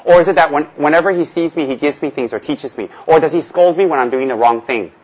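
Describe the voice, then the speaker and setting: A man's voice: a little high, quick pace, darkish tone, low-quality recording. A man from Tibet teaching as a Buddhist teacher in a casual Dharma talk, joking and asking rhetorical questions, often repeating phrases.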